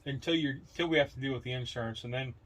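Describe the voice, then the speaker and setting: A man's voice: medium pitch, quick pace, a bit bright. A middle-aged man co-hosting a casual podcast, telling a rambling story and acting out the quoted lines, mentioning brain fog. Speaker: podcast co-host. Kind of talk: casual chat.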